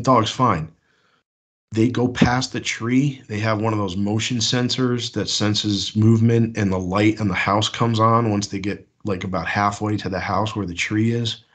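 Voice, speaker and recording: A young American man tells his story in a loose, rambling way, leaning on "like" and acting out every line he and the others said. His voice sits a bit low and sounds husky. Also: fairly bright tone. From United States. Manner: rambling, many "like" fillers, acts out his own past lines. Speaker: caller sharing an encounter. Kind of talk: casual spoken storytelling.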